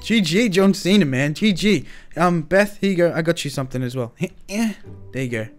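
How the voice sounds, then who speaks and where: Excitable young man, slangy game roleplay. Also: a little high. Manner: excitable, slangy, quick shifts between shouting and muttering. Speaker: roleplay host. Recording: faint music behind.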